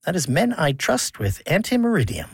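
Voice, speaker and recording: A male radio host with a fairly high, lively, animated voice. He asks questions in a friendly, conversational way and now and then stumbles over a word. The sound is dry and close, with no room around it. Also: moderate pace, slightly rough, no echo. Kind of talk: radio interview.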